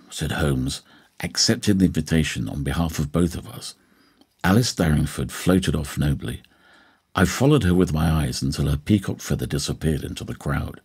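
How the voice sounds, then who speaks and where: A man reading a novel aloud as an audiobook narrator, in a measured storytelling manner. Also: very deep voice, darkish tone, slightly rough. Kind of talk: scripted narration.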